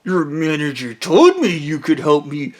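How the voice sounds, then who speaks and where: A man voicing a dim, pushy male cult member who makes slow, dull demands. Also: fairly high pitch, very animated. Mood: dopey.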